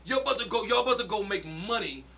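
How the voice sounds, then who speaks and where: A man's voice: high voice, lively intonation, fast, creaky, crowd noise. A man co-hosting a podcast, arguing his point in an emphatic, insistent way with lots of swearing. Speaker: podcast co-host. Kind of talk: casual chat.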